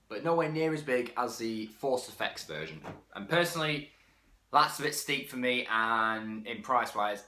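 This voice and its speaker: Casual male toy reviewer; frank and self-correcting, lively delivery, roomy sound. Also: mid-range voice. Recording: echoey room.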